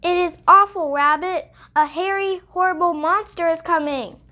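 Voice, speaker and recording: Woman voicing a tiny frightened mouse, squeaky, alarmed, very high, storybook. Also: animated, takes it slowly, dark tone, highs cut off, full character voice. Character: small frightened female mouse. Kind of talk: storybook read-aloud.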